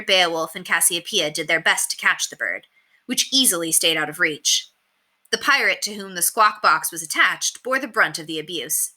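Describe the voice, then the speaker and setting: A woman reading a children's novel aloud in an expressive, animated storytelling voice. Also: lowish voice. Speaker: reader.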